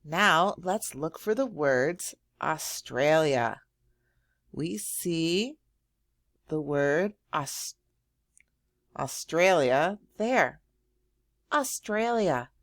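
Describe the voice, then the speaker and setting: A woman teacher speaks very slowly to young children, her lowish voice swooping up on words of praise. She draws words out and hums while thinking. The sound is dry and close. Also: expressive, no echo. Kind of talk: slow, encouraging lesson for young children.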